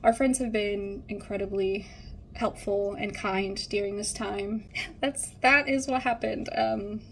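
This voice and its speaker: A woman's voice: medium pitch, steady tone, unhurried, slight background noise, poor audio. A young woman telling a casual, rambling story at home while she gets ready, full of "like" and "um". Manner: chatty, rambling, frequent "like" and "um". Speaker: vlogger.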